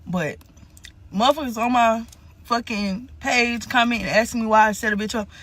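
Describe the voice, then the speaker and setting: A woman's voice: a little high, moderate pace, a bit bright. A woman, ranting to camera in an angry, profane, emphatic way. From Columbia, South Carolina. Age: 20s. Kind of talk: casual rant to camera.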